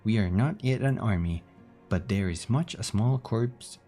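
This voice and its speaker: A man's voice: on the low side, a little slow, mellow, faint music behind, lightly acted. A man voicing a solemn, scholarly young commander who speaks formally. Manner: formal, archaic phrasing.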